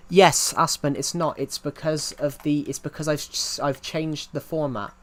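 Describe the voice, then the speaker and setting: A man's voice: fairly high pitch, steady tone, measured pace. A young man chatting casually on a gaming livestream, rambling and correcting himself while answering chat.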